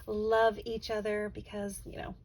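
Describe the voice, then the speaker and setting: A woman's voice: mid-range voice, monotone, darkish tone, slight background noise, poor audio. A woman hosting her own craft video, talking casually and gushing over her handmade cards. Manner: gushing, effusive, quick to laugh. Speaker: craft channel host. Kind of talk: casual craft show-and-tell.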